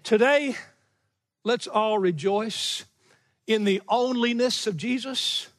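A middle-aged man delivers a sermon from the pulpit. His voice sits high for a man and rings out with a long hall reverb. He presses hard on key phrases, drawing them out slowly, and breaks into small chuckles between points. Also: a bit bright. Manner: emphatic preaching, slowing for key phrases, chuckling asides. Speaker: pastor. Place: church sanctuary.

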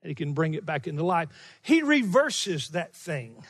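High-voiced preacher in a reverberant hall. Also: male voice, very animated, breathy edge. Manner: emphatic preaching, slowing for key phrases, chuckling asides. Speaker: pastor. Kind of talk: sermon. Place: church sanctuary.

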